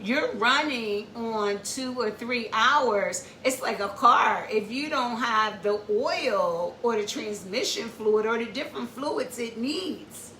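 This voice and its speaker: A woman's voice: on the high side, animated, takes it slowly, hardly any pauses, pushed and bright, slight background noise. A woman hosting an informal educational talk, explaining step by step, repeating her points and checking in with "okay?". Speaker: host. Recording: echoey room, far from the mic.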